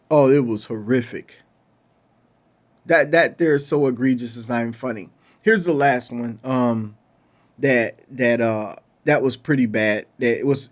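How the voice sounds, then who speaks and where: A man in the middle of a casual film review, plainly fed up with what he saw. His speech is loose and colloquial, and he stumbles and restarts as he builds his complaints. His voice sits at an ordinary middle pitch for a man. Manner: exasperated, ranting with frequent restarts. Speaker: movie reviewer.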